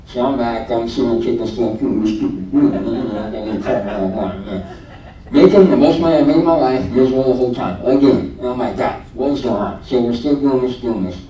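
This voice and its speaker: A man in his thirties gives a personal testimony to a church congregation, telling his story animatedly and laughing as he acts out his own thoughts. His mid-range voice is warm and fairly quick. He's recorded from a distance in a roomy hall, with faint ambience and a little hiss or hum.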